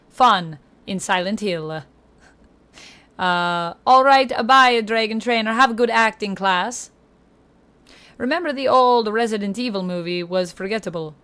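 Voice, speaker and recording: A woman hosting a gaming livestream, reading viewer comments aloud and chatting in a hammy mock Italian accent. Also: a little high. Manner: chatty, thanks viewers warmly by name. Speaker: livestream host.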